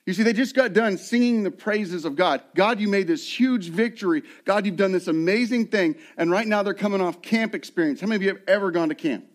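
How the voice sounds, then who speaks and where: Preaching a sermon with a high-pitched voice, a middle-aged lead pastor moves a little fast with few pauses. He's animated and acts out the voices of those he talks about.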